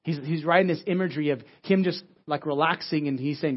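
A man preaching in a loose, conversational sermon style, stumbling over and restarting his words and tagging lines with "right?". He talks at a fast clip in a slightly high voice, and the recording sounds dull and lo-fi. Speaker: pastor. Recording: dull lo-fi audio.

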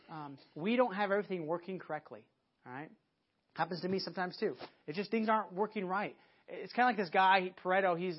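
A man preaching a sermon as a pastor, earnest and often repeating words as he searches for phrasing. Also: high-pitched. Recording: dull lo-fi audio.

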